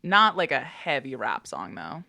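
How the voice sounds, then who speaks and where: A woman's voice: extremely low pitch, very animated, unhurried, gravelly, bright, forceful tone, no echo, studio quality. A woman co-hosting a podcast in casual chat, teasing and asking blunt questions. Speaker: podcast co-host.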